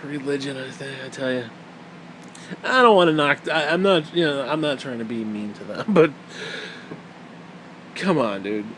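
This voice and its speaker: A man's voice: medium pitch, animated, normal speed, pauses often, a bit bright, slight background noise. A young man telling stories in a casual, rambling rant, swearing a lot, mocking and laughing as he goes. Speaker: storyteller. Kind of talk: casual ranting storytelling.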